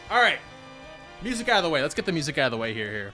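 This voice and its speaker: A male streamer opens his own awards show, rambling excitedly and a little out of breath. His voice is bright and somewhat high. Soft music sits in the background. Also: quick pace, pauses often. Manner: excitable, rambling, self-deprecating. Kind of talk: casual live-stream hosting.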